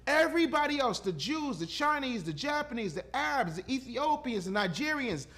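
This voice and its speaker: Man, 50s, podcast guest; emphatic and preachy, high-pitched, cusses freely. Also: sing-song, moderate pace, fairly bright tone. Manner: emphatic, preachy, swears freely, acts out quotes. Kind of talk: casual podcast talk.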